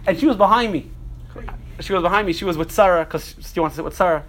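A middle-aged man teaching a Torah class to a group, animated, repeating phrases and throwing rhetorical questions at his listeners. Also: high-pitched, fast talker, a little hiss or hum. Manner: repeats and restarts phrases while thinking.

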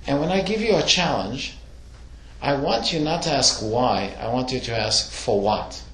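A man's voice: medium pitch, lively intonation, measured pace, a bit bright, roomy sound, a little hiss or hum. A man leading a casual religious study class, asking the group questions as he explains. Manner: questioning, conversational, asks the class. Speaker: class teacher.

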